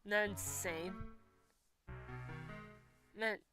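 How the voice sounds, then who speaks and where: A livestream host with a mid-range voice speaks slowly over background music. She reads out viewer comments and answers them in a chatty way, swearing, laughing often and reacting with lots of energy.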